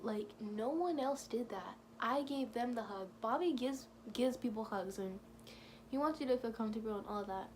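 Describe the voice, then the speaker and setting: A woman's voice: on the high side, normal speed, slight background noise. A woman telling a rambling, gushing story for her vlog, leaning on "like" again and again. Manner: gushing, rambling, heavy use of "like". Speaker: vlogger.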